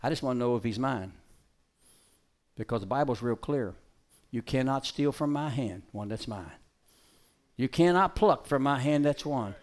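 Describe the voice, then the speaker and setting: A man delivers a live sermon to an audience in a folksy, emphatic style, shifting between loud calls and quiet asides while giving a dog brisk commands. His voice sits in the mid-range and is expressive.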